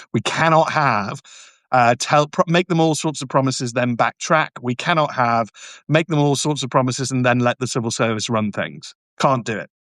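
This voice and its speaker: A man at a middle pitch holds forth on a live stream, emphatic and mocking, tripping over his words and restarting as he goes. The sound is dry and close, with no room around it. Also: fairly bright tone, no room sound. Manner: emphatic, repetitive, stumbles and restarts often; mocking, sarcastic asides. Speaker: barrister hosting a live stream. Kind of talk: live stream talk answering viewer comments.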